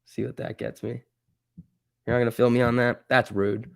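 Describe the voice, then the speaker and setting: A man hosting a live stock trading stream, reacting excitedly to price moves and chatting casually with viewers. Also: mid-range voice, moderate pace, creaky, smooth, no echo, studio quality. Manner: excitable, exclaiming at price moves, reading chat aloud. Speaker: stock trading livestream host.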